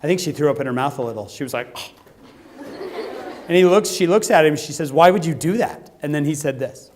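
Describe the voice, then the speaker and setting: A man giving a humorous talk to a youth conference, telling a story with lively acted-out quotes. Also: a little high, fast, a faint crowd, slight background noise. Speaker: youth speaker. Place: conference hall.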